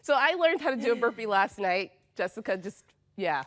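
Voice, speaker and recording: A woman hosting a casual segment, chatty and quick to ask questions. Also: fairly high pitch, animated, fairly bright tone. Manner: chatty, asks questions, laughs easily. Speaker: host. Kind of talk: casual interview chat.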